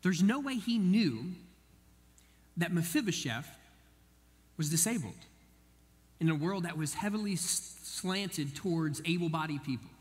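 A man preaching a sermon, telling a story in an animated way and acting out the voices of the people in it. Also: on the high side, unhurried, pauses often. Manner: animated, acts out quoted voices. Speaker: pastor. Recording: long hall reverb.

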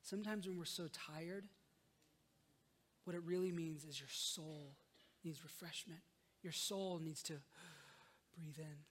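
A pastor delivers an earnest sermon in a notably high voice for a man. He presses his points with emphasis, then sinks into soft, unhurried pauses. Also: fairly even intonation.

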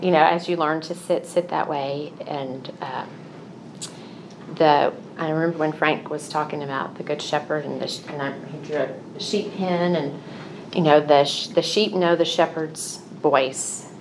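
A woman's voice: low voice, steady tone, a little slow, noisy background. A middle-aged woman giving a Christian teaching talk, telling personal stories in an earnest, confessional way. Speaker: Christian speaker.

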